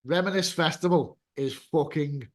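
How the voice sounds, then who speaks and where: A man's voice: on the high side, moderate pace. A man hosting a casual podcast, a chatty storyteller who swears freely and acts out quotes. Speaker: podcast host and DJ.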